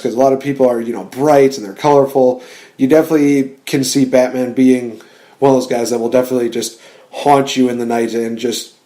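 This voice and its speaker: A man's voice: mid-range voice, dark tone. A man co-hosting a casual podcast, rambling with lots of filler words and laughing often. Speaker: podcast co-host. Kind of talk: casual chat.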